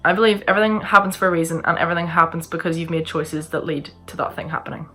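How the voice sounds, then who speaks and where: A young woman vlogger from Northern Ireland chats casually to camera, rambling and poking fun at herself as she answers viewers' questions. Her deep voice moves little in pitch, comes quickly with few pauses, and sounds bright and forceful. Faint music drifts in from another room.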